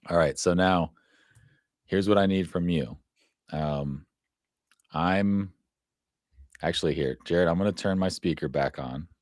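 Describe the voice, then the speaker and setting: Deep-voiced male host, halting, filler-heavy delivery, dry close sound. Live casual chat. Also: dry recording. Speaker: show producer and host.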